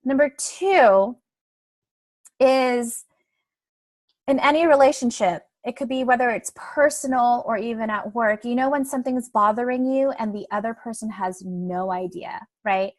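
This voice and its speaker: With a fairly high voice and an unhurried pace, a young adult woman coach gives a chatty webinar talk, often finishing her points with "right?" or "like." There's no echo on the audio.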